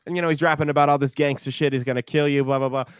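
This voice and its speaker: A man's voice: a little high, steady tone, very fast, clear, resonant tone, no room sound, studio quality. A man co-hosting a podcast, telling laid-back stories in casual chat, swearing freely and laughing often.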